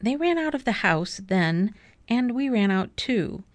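A woman reading a children's storybook aloud as narrator in a measured way. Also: fairly high pitch, big pitch swings, dry recording.

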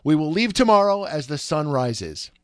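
A proud, loving father from a storybook, as a male reader voices him, warm but firm. The voice is raised and lively, and it is recorded dry and close. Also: a little high, moderate pace, no echo. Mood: fatherly.

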